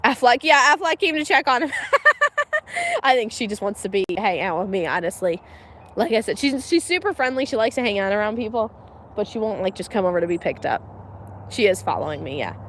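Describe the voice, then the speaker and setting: A woman's voice: medium pitch, big pitch swings, fairly quick, fairly bright tone, a little hiss or hum. A woman hosting a casual livestream outdoors at a farm, chatty and giggly, talking to her animals. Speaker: homestead mom and livestream host. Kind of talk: casual live-stream chat.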